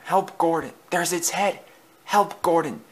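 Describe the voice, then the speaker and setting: A man voicing a small, frightened young male tank engine in a storybook reading, with high, jumpy, panicky cries. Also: lively intonation, brisk, a bit bright. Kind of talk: storybook character voice.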